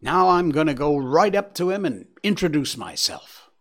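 A man's voice: a little high, sing-song, moderate pace, fairly bright tone, voice pushed up. A man voicing an earnest young male deer who talks in a reassuring, determined way, in a storybook reading.

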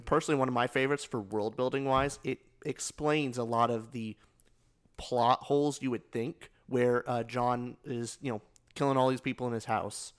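A man's voice: mid-range voice, steady tone, normal speed, clean tone. Man co-hosting a casual podcast. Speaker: podcast co-host. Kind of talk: casual chat.

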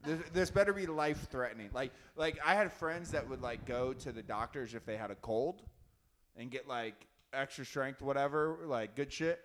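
A man's voice: medium pitch, moderate pace, fairly bright tone, a little hiss or hum. A young man co-hosting a casual chat, joking and swearing, laughing often. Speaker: podcast co-host.

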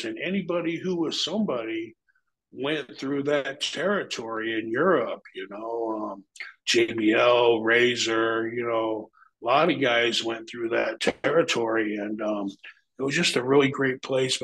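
A man with a gravelly, mid-pitched voice tells stories in a relaxed interview. He talks loosely and profanely, tossing in "man" often. He slips into other people's voices when he quotes them. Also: poor audio. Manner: animated, acts out quoted voices; profane, laid-back, says "man" often. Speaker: interview guest. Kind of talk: casual storytelling.

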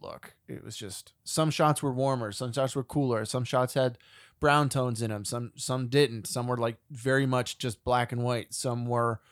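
A man's voice: medium pitch, fairly even intonation, normal speed, no echo, clean studio sound. A man co-hosting a podcast, chatting casually and giving blunt opinions about a film. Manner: conversational, opinionated, asks pointed questions. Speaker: podcast co-host. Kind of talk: casual film review chat.

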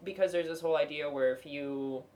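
A woman's voice: sits low, brisk, darkish tone. A woman comic chatting casually as a podcast guest, swearing freely and acting out little quoted voices. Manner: profane, jokey, acts out quotes in put-on voices. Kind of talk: casual chat.

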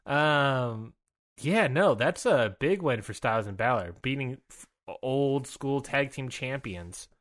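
A man's voice: medium pitch, lively intonation, slow pace, fairly bright tone. A man co-hosting a podcast, recapping wrestling in a rambling, upbeat way with many fillers and restarts. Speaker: podcast co-host. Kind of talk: casual wrestling recap chat.

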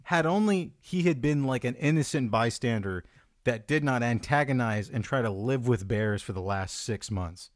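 A man co-hosting a podcast, telling stories in an animated way, laughing often and acting out quotes. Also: medium pitch, moderate pace, no echo, clean studio sound. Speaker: podcast co-host. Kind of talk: casual chat.

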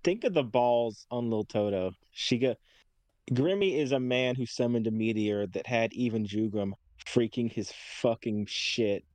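A man's voice: medium pitch, unhurried, a little mellow, no room sound. A young man co-hosting a podcast, blunt and emphatic in casual chat, swearing freely. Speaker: podcast co-host.

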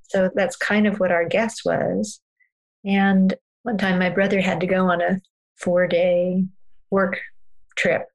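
Woman guest, low gravelly voice, flat, earnest storyteller. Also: slow, low-quality recording. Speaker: parenting guest expert. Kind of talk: storytelling in a podcast conversation.

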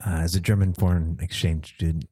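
A man's voice: deep voice, little pitch movement, brisk, dark tone. A man improvising a scene as an earnest, flustered schoolteacher. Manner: flustered, earnest, playing a small-town German teacher. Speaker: improv comedian.

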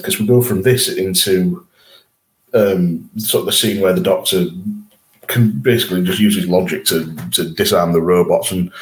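A man co-hosting a podcast, chatting casually about an episode and laughing often. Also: low-pitched. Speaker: podcast co-host. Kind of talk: casual chat reviewing an episode.

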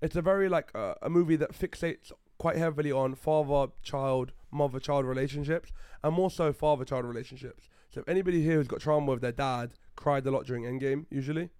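A man's voice: mid-range voice, fairly quick, few pauses, clean tone, no echo, studio quality. A man co-hosting a casual podcast, talking animatedly and swearing a lot as he rants about films. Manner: animated, swears a lot, acts out loud mock quotes. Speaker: podcast co-host. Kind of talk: casual chat.

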